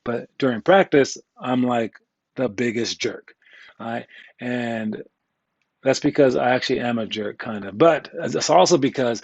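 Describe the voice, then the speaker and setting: A man's voice: medium pitch, measured pace, creaky, breathy edge, no echo, highs cut off. A man coaching youth basketball players in a casual, candid way, joking and rambling, with slang thrown in. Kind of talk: casual instructional talk.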